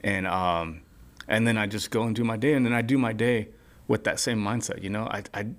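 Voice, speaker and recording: Low-voiced man speaking earnestly. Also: steady tone. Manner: earnest, halting, many fillers. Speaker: podcast guest. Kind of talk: casual faith conversation.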